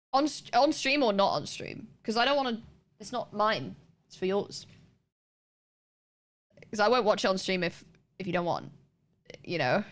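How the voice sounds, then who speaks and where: A woman's voice: medium pitch, a bit bright. A woman streamer chatting casually and laughing as she reacts to clips. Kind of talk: casual live-stream chat.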